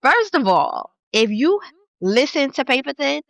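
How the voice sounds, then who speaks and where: A woman from New York, a podcast guest, telling stories in an animated, emphatic way. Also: high-pitched, a little slow, gravelly, no room sound. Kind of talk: casual conversation.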